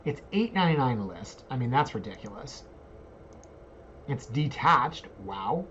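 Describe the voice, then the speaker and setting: A man in his forties, a realtor, talking casually over a screen share, joking, and breaking into squeaky asides. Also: sing-song, measured pace, a bit bright, dull audio, slight background noise. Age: 40s.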